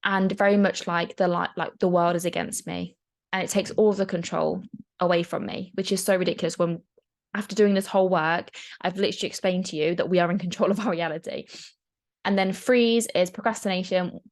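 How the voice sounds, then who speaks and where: A young woman coaching in a casual, chatty talk, frank and quick to swear. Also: lowish voice, steady tone. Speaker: mindset coach.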